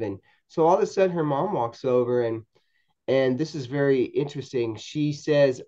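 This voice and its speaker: A man telling a story as a podcast guest, in a halting way with many repeated words and restarts. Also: mid-range voice, animated, warm tone, muffled recording. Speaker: podcast guest, paranormal investigator. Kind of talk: storytelling anecdote in a podcast interview.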